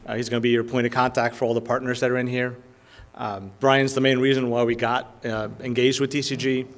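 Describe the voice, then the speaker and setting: Speaking briskly and with little pitch variation, a man from a company presents to a lunchtime audience. His pitch is conversational and filler-heavy, full of "um" and repeated "right?" as he checks in with listeners.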